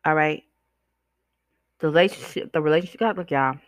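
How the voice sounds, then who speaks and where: A woman's voice: low-pitched, brisk, no echo, clean studio sound. A woman hosting a podcast, ranting bluntly and sassily while chewing gum, her words slightly slurred. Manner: blunt, sassy, preachy. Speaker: podcast host. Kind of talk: ranting monologue.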